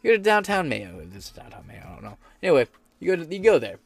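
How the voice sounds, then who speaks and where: A man's voice: fairly high pitch, sing-song, fast, gravelly, breathy edge. A man hosting a podcast, giving a profane, sarcastic, rambling rant of political commentary. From United States. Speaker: podcast host.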